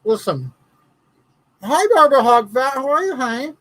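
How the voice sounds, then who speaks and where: A woman's voice: high-pitched, big pitch swings, normal speed, a bit bright, poor audio. A woman hosting a comedic live stream, chatting in a campy way and greeting viewers by name.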